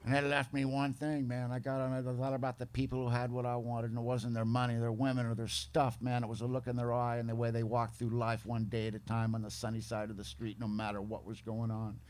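A man's voice: medium pitch, monotone, fast, hardly any pauses, darkish tone. A man giving his personal testimony at a recovery meeting, earnest and folksy in his manner.

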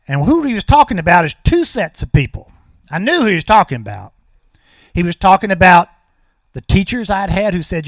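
A man's voice: high voice, big pitch swings, fairly quick, a bit bright, dry recording, studio quality. A man, telling a personal recovery story at a meeting with folksy, wry humor.

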